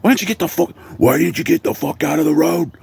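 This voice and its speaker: A man voicing a desperate vampire count who coaxes and pleads, then yells and curses. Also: sits low, a little slow, vocal fry, slightly rough, full character voice. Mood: angry. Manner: pleading, then yelling and cursing.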